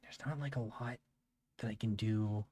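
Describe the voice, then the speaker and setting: A man streaming a video game, talking in a laid-back, halting way with many fillers. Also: on the low side, steady tone, warm tone. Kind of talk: casual gameplay commentary.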